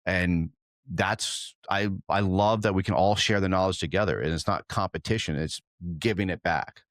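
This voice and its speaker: Deep-voiced easygoing podcast host. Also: male voice, normal speed, fairly bright tone, no room sound, studio quality. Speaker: podcast host and fire instructor. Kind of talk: casual podcast chat.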